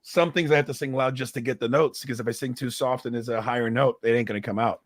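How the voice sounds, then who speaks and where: A man's voice: mid-range voice, fast, dry recording, clean studio sound. A man in his fifties, a singer and guest, telling stories in a casual chat over a video call, often repeating words as he starts a thought. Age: 50s. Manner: animated storyteller, repeats words when starting.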